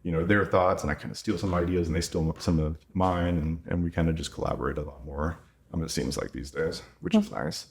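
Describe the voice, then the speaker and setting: Deep-voiced man telling stories. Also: steady tone, a little fast, slight background noise. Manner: chatty, quotes himself and others, lots of "like". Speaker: veterinarian and clinic owner. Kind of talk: casual podcast storytelling.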